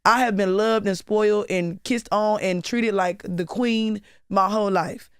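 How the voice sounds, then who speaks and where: A woman's voice: mid-range voice, steady tone, a little slow, clean tone, dry recording, clean studio sound. A young woman speaking as a guest in a candid interview, blunt and profane, rambling with many fillers. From Atlanta. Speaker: rapper guest.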